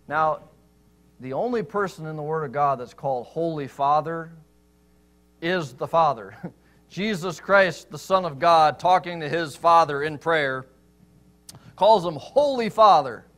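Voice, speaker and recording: A man with a fairly high voice preaches a sermon in a church. He hammers home points with rhetorical questions, then drops low and quiet to read scripture aloud. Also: unhurried. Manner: emphatic, rhetorical questions, shifts between loud stress and quiet scripture reading. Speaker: pastor.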